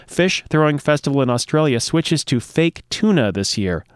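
A man's voice: fairly high pitch, expressive, moderate pace, clean tone, no room sound. Dry-voiced joking male show host. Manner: playful, self-mocking, ad-libs between read lines. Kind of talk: casual news reading with joking asides.

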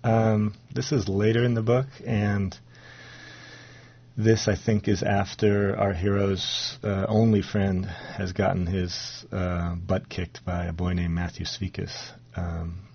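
A man in his forties with a low, slightly husky voice reads his own fiction aloud, then talks it over with wry humour. The sound is dry and somewhat dull, like a radio studio. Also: flat delivery, slow pace, dry recording. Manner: wry, self-deprecating, thoughtful. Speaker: author guest.

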